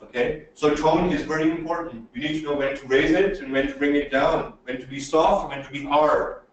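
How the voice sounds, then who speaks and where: A man's voice: a little high, brisk, far from the mic, highs cut off, a little hiss or hum. Emphatic man lecturing in an echoey room. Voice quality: animated, swings loud and soft. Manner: emphatic, repeats "okay?" to check in. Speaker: presentation skills trainer. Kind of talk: webinar lecture.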